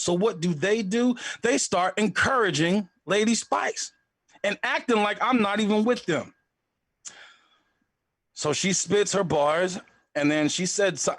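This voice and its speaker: Young guy comic telling a story, animated, kinda high voice, dry sound. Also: no room sound. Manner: animated, acts out voices in a loud hype. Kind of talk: live storytelling.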